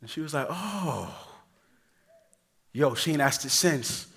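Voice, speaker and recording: A man preaching a sermon, telling family stories with acted voices and shifting between loud emphasis and quiet, casual delivery. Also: mid-range voice, brisk, slight background noise. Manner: animated storytelling, acting out voices of his kids; casual, addresses the congregation as y'all. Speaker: pastor.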